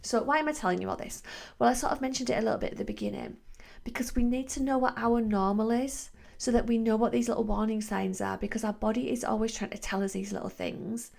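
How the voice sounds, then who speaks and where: A woman's voice: fairly high pitch, animated, quick pace, gravelly, darkish tone. A woman, hosting a wellbeing podcast in a chatty, reflective way full of fillers and restarts. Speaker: podcast host, wellbeing coach. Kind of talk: casual reflective monologue.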